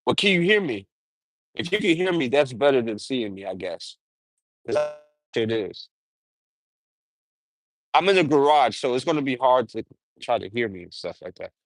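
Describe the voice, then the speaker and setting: A young man streaming from his garage, chatting casually and excitably in slang, often breaking into impressions and humming. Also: medium pitch, normal speed, pauses often, no echo.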